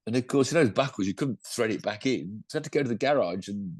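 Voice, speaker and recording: Casual podcast co-host with a low voice and a dry sound, rambling and self-correcting. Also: male voice, animated, quick pace, a little mellow, slightly rough, no echo. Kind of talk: casual motorsport chat.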